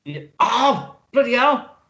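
Excitable man, podcast co-host, high, bouncy voice, muffled lo-fi sound. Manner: excitable, quick to exclaim and laugh. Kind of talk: casual film podcast chat. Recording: dull lo-fi sound.

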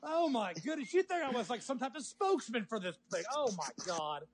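A man co-hosting a podcast, arguing in an excitable, emphatic way and calling the others sir. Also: extremely high pitch, brisk. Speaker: podcast co-host. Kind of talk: heated casual banter.

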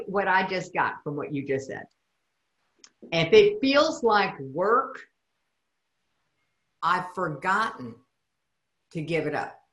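A woman hosting a podcast interview in a playful, animated conversational way. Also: mid-range voice. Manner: playful and animated, with frequent laughs. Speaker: podcast host. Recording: roomy echo.

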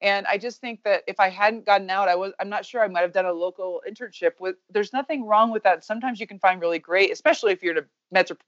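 Blunt, energetic woman in her thirties. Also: medium pitch, fast talker, few pauses, no echo, dull audio. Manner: energetic, blunt, swears casually. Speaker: guest, baseball coach. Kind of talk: candid podcast conversation.

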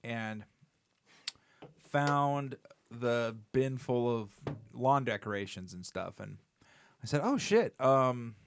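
A man's voice: medium pitch, slow, vocal fry, pauses often, slight background noise. A man co-hosting a podcast, chatting casually with teasing, mocking banter. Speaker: podcast co-host. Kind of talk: casual chat.

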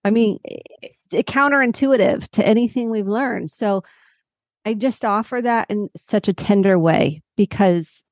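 A woman guest who works as a psychotherapist, telling a personal story in lively conversational talk and acting out the people she quotes. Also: mid-range voice, a little slow, no room sound, clean studio sound. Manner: animated, warm storyteller who acts out quotes.

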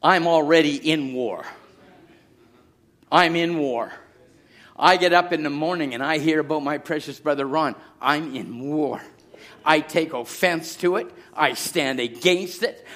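A middle-aged pastor preaching a sermon, moving from quiet storytelling to shouted exhortation. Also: male voice, fairly high pitch, measured pace.

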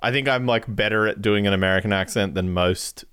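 Guest: man, low smooth voice, dry close sound, loose rambling answers. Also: a little fast, fairly bright tone, no room sound. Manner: rambling, laughs between answers. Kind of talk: casual podcast chat.

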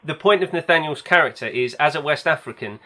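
A man's voice: fairly high pitch, animated, fast, heavy background noise. A man hosting a casual film chat, rambling and enthusiastic with anecdotes. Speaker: podcast host.

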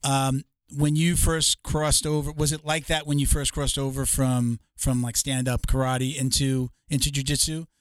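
A man's voice: mid-range voice, little pitch movement, normal speed, few pauses, clear, resonant tone, dry recording. A man hosting a podcast, asking questions in a chatty, casual way. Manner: chatty, laughs along. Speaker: podcast host. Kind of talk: casual interview.

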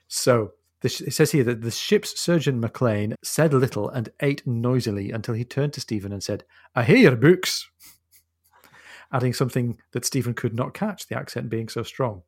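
On a podcast he co-hosts, a man with a medium-pitched voice chats casually about a novel, reading passages aloud with expression and laughing often. He comes across as thoughtful, and the dry recording has studio quality.

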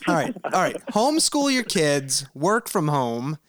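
A man's voice: on the high side, big pitch swings, unhurried, fairly bright tone, slight background noise. A man hosting a casual podcast chat, jokey and self-deprecating. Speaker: podcast host.

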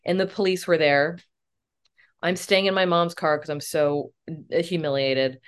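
A young woman, a comedic actress, telling a self-mocking story as a podcast guest, animated and swearing casually. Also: sits low, measured pace.

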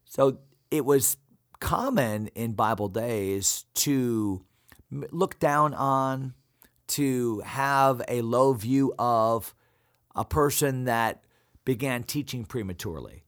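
A man's voice: mid-range voice, takes it slowly. A man who is a pastor, teaching from the Bible in an earnest, preaching cadence with repeated phrases.

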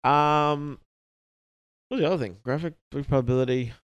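A man's voice: on the high side, normal speed, smooth, dry recording. A man, co-hosting a gaming podcast in casual, teasing banter with plenty of swearing. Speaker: podcast co-host. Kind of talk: casual chat. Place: studio. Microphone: podcast mic.

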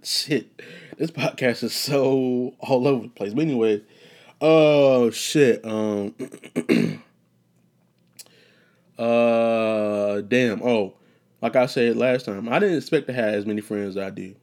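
A man's voice: medium pitch, slow pace, long pauses, a little mellow. A young man hosting a solo podcast, rambling and joking, profane and casual, wandering off topic. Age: young adult. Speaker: podcast host.

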